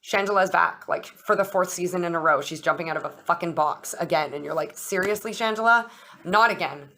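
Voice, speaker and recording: Low-voiced chatty woman reading tarot. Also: a little fast, a bit bright. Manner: chatty, swears freely, acts out little dialogues. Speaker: astrology and tarot channel host. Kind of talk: casual chat with tarot reading.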